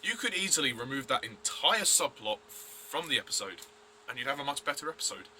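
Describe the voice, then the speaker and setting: Blunt male reviewer, tense bright voice, faint hiss behind. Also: mid-range voice, very animated, fairly quick. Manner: blunt, rambling, many fillers and restarts. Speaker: TV episode reviewer. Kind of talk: casual review vlog.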